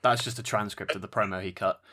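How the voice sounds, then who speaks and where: A man co-hosting a casual wrestling podcast, excitable and keeping the talk moving. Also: on the low side, fast. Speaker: podcast co-host. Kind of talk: casual chat.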